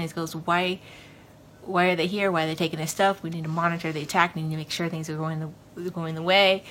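Lowish in pitch and a bit bright, this woman's voice carries a little hiss or hum. As a podcast host, she recaps a TV episode in a casual, rambling way, leaning heavily on fillers such as "you know."

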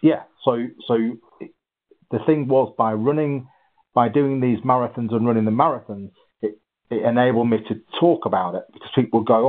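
A husky-voiced man telling his story in an interview, animated, with halting restarts. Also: medium pitch. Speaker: guest, ultra runner. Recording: tinny phone-like line.

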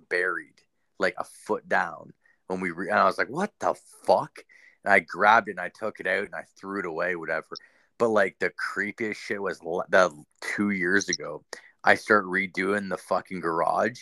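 A man's voice: sits low, sharp tone, no room sound. A young man hosting a podcast, telling a story in a loose, rambling way, swearing constantly and leaning on fillers. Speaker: podcast host. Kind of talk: casual storytelling.

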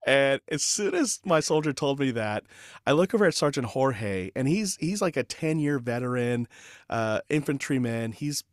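A man in his forties, a podcast guest and leadership consultant, telling an anecdote in a lively, conversational way with fillers. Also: medium pitch, normal speed, dry recording, studio quality. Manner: animated anecdote telling with laughs and filler words. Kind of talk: conversational storytelling.

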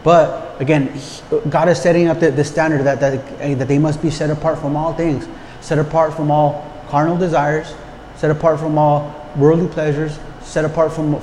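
A warm-toned, fairly high-pitched pastor preaches a conversational, casual sermon, repeating words often and asking his listeners rhetorical questions. The sound has long hall reverb and faint background noise.

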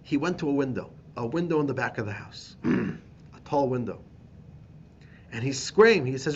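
A man, a rabbi teaching a class, telling a story with animated emphasis and repeated phrases. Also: medium pitch, normal speed, husky, dull audio. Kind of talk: storytelling lesson.

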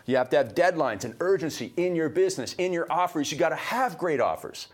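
A man from Canada co-hosting a motivational podcast, delivering advice in an emphatic, high-energy way. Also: expressive, fairly quick. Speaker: podcast co-host.

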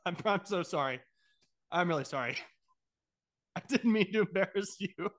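A man's voice: high-pitched, expressive, normal speed, fairly bright tone. A man co-hosting a casual podcast, teasing his friend with trivia and laughing often. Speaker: podcast co-host asking trivia. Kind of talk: casual chat.

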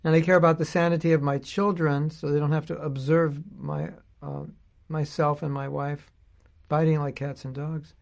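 A man's voice: on the high side, level tone, moderate pace, gravelly, a little mellow. A middle-aged man giving an informal spiritual talk, thinking aloud and searching for his words as he goes. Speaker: spiritual teacher.

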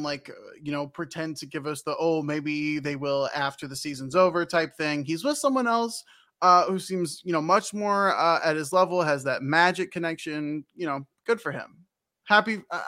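A man's voice: a little high, pushed and bright. A man co-hosting a podcast over a call, talking in a wry, hesitant way with many fillers. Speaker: podcast co-host. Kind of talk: casual podcast discussion. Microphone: remote call mic.

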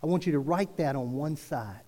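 Male pastor, high animated delivery, earnest sermon, long church-hall reverb. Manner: earnest, preacherly rises and drops, slow emphatic phrasing. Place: church sanctuary.

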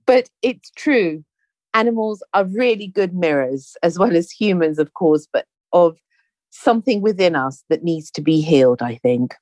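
Woman, storyteller, very lively pitch, dry close sound, acts out dialogue. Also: a little slow, no echo. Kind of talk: casual chat, storytelling.

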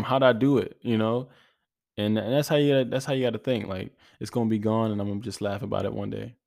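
A man's voice: lowish voice, creaky, dark tone, dry recording, clean studio sound. A man in his twenties hosting a podcast, giving an earnest, casual motivational talk full of slang, repeated phrases and restarts. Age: 20s. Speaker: podcast host.

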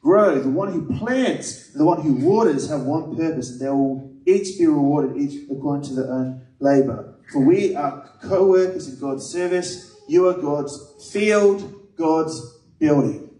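A man delivers a sermon in an earnest, conversational way, weaving scripture together with personal stories. His voice is a little high, unhurried, and mellow. The mic sits at a distance in an echoey room.

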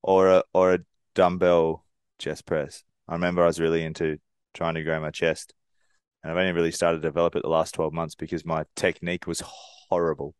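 A man's voice: deep voice, little pitch movement, a little fast, smooth, dry recording, clean studio sound. A young man co-hosting a podcast, telling stories in an easygoing way and chuckling as he goes. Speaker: podcast co-host. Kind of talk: casual chat.

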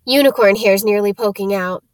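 A blunt young wizard boy chats in an offhand way, quick to sound disgusted, as a woman storyteller puts him on. The recording is close and dry. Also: medium pitch, dry recording, natural voice.

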